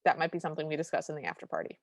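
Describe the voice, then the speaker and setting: A woman's voice: sits low, very animated, very fast, dry recording. A woman co-hosting a podcast, chatting casually and enthusiastically while recapping a film scene by scene. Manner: enthusiastic, retells scenes with acted quotes. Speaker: podcast co-host.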